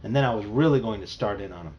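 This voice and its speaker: A man's voice: lowish voice, expressive, fast. A man reading a children's novel aloud in a plain storytelling manner, with a few small slips. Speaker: reader. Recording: muffled home recording, faint hiss.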